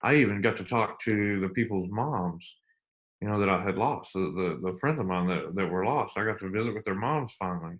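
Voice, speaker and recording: Middle-aged man, low voice, earnest interview guest; repeats himself, slows for emphasis. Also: a bit bright. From United States. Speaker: interview guest, army veteran. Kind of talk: candid storytelling interview.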